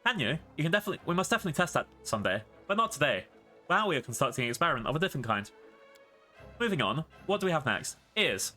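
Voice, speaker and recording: A man's voice: fairly high pitch, very animated, racing, bright, forceful tone, faint music behind, full character voice. A man voicing an eccentric female scientist who is curious, blunt and matter-of-fact, reading game dialogue aloud. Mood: clinical.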